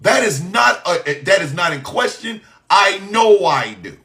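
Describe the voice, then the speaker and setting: Fiery, profane man with a bright voice. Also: sits high, sing-song, unhurried. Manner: profane, fiery, shouting in bursts; mocking, rhetorical questions. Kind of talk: impassioned monologue.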